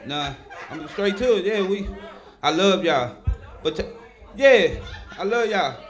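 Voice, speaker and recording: A man doing live stand-up comedy, working the crowd loudly and repeating his punchlines. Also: high voice, unhurried. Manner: loud, animated crowd work with repeated tags. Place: comedy club stage.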